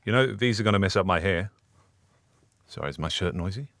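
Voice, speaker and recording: A man's voice: sits low, a little fast, a bit bright. A man playing a fussy, self-absorbed voice actor in a comedy sketch who fusses over small things in the booth and overplays his takes.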